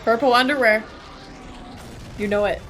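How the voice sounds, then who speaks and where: A young adult woman co-hosting a reaction video, making quick playful quips in casual chat. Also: fairly high pitch, fairly even intonation, a bit bright, slight background noise. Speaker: co-host reacting to a cartoon.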